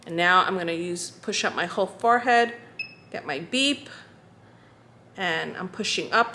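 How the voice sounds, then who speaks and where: Bright-voiced woman demonstrating skincare. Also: medium pitch. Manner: calm, talks through each step as she does it. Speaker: skincare instructor. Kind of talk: casual step-by-step demonstration.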